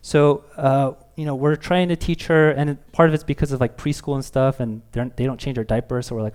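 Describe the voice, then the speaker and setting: A man's voice: mid-range voice, fairly even intonation, normal speed, a little mellow, smooth. A man in his thirties, a pastor preaching a sermon, talking candidly and self-deprecatingly, with playful acted quotes.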